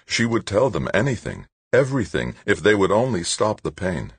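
A man reading an audiobook in steady, measured scripted narration. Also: fairly low pitch, slightly rough, no room sound.

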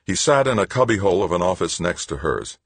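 A man narrating an audiobook in a steady, measured reading. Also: sits low, slightly rough, no room sound. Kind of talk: scripted narration.

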